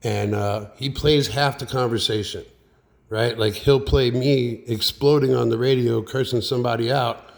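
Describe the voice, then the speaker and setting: A man's voice: medium pitch, fairly even intonation, normal speed, vocal fry. A man in a heated, profane, rambling rant as he vlogs about radio troubles, with many fillers. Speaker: radio hobbyist vlogger. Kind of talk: angry ranting monologue. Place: recorded with a handheld radio nearby.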